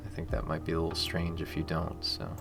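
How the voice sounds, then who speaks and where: A man from Miami, a game developer streaming, chatting casually and thinking aloud in a soft voice that trails off mid-sentence. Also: extremely low pitch, completely flat delivery, fast talker, creaky, music in the background. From Miami, United States. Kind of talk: casual livestream chat.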